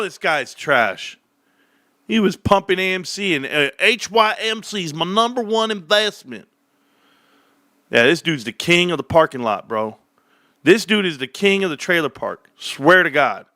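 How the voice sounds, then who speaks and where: Brash male streamer, mocking and profane; bright, tense, slightly high voice, close and dry. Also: no room sound. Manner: brash, mocking, swears freely. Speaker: livestream host. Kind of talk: joking livestream commentary.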